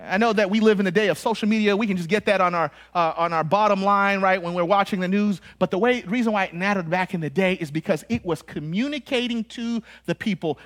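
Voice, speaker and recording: A man with an American accent preaching a sermon, animated and conversational, with joking asides and acted-out quotes. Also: high voice, fast, hardly any pauses.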